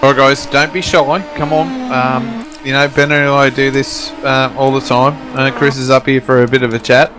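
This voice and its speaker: A man's voice: mid-range voice, flat delivery, normal speed, few pauses. A man hosting a charity racing stream, chatting casually and full of fillers. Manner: chatty, filler-heavy, easygoing. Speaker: stream host. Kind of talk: casual livestream commentary. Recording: background music on stream.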